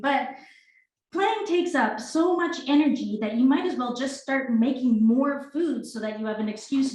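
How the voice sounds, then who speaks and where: A woman reading the part of a weary, tearful mother, halting and apologetic, in an echoey room at a live reading. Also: sits high, a little mellow, far from the mic, pitched above the performer's own voice. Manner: halting, apologetic, breathy sighs. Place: live reading event indoors.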